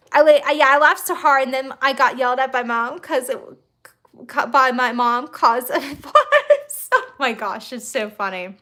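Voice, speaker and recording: A woman's voice: sits high, expressive, moderate pace, bright, forceful tone. A woman hosting a casual live stream from a phone on a tripod, rambling and reading out viewer comments as she goes. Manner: chatty, rambling, reads viewer comments aloud.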